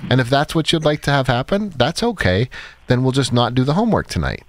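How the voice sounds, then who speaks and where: A man hosting a call-in radio advice show, calm and validating, explaining his points with everyday examples. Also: mid-range voice, brisk, a little hiss or hum.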